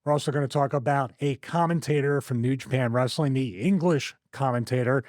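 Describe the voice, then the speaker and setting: A man hosting his own show from a home studio, chatting casually with a rough, strained voice and playing with dramatic pauses. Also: medium pitch, a little mellow, no room sound. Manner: theatrical, plays with dramatic pauses and wrestling-style vocal impressions. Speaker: host. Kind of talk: casual podcast chat.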